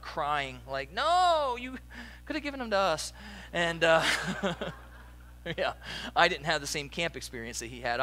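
A young adult man preaching a sermon as a pastor, in a conversational, animated storytelling way with asides to the congregation. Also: a little high.

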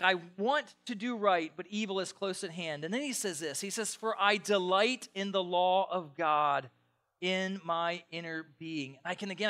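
A pastor preaching a conversational sermon, dropping to quiet asides and building to excited, loud passages. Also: male voice, high-pitched.

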